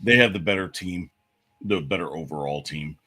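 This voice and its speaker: Man, deep voice, sports podcast co-host, relaxed, casual picks chat. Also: moderate pace, soft background music. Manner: relaxed, runs through game picks, stumbles and restarts.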